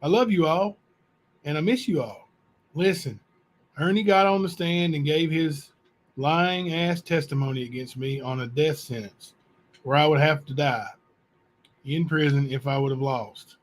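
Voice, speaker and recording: A man with a somewhat high voice reads letters aloud for his viewers. He keeps a plain, unhurried pace, breaking off now and then for his own comments. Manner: plain, unhurried reading with asides and spelling out words. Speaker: channel host.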